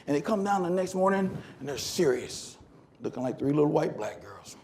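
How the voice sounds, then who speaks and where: A middle-aged man giving a conference keynote, telling a story that swings from loud bursts to hushed lines. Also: a little high, big pitch swings, moderate pace. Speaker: motivational speaker. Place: conference hall.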